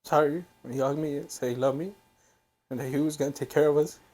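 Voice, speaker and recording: Brief: young male podcast host, halting emotional storyteller, speaking softly. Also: a little high, little pitch movement. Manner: halting, emotional, soft-spoken.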